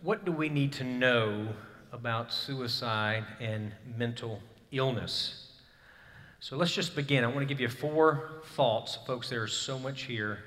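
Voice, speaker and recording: A pastor in his thirties tells a personal story earnestly during a sermon, breaking into emphatic bursts. His medium-pitched voice is fairly bright and unhurried, and the recording has hall reverb.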